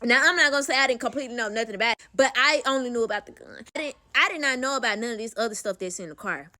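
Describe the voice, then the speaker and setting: Bright-voiced woman telling a messy story. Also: a little high, very fast. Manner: animated, profane, talks straight to the listener. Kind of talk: casual storytime.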